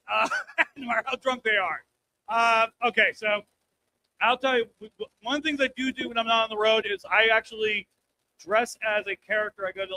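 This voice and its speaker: Pushed and bright, a very high-pitched male voice delivers crude, brash stand-up comedy into a live stage mic. He keeps checking in with the audience with "all right?", and the audio quality is poor.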